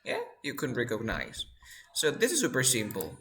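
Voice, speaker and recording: A man's voice: medium pitch, wildly swooping pitch, moderate pace, pushed and bright. A man teaching pronunciation, repeating sounds and words and asking his students questions. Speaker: English teacher. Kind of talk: pronunciation lesson.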